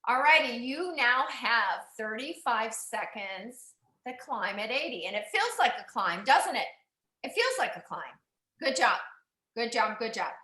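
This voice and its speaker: A woman with a fairly high, pushed and bright voice leads an indoor cycling class, very animated but unhurried. She's upbeat and encouraging, calling out numbers and cheering riders on, recorded in an echoey room.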